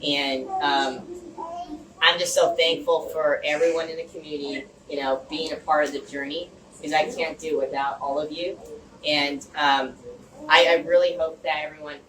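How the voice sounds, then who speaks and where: A man's voice: a little high, moderate pace. Man telling a rambling story in an echoey room. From Los Angeles area, United States. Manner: animated, rambling storyteller who restarts phrases and uses "like" and "you know" often. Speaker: speaker addressing a community group. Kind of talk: personal storytelling speech. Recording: echoey room, mic far off, faint hum.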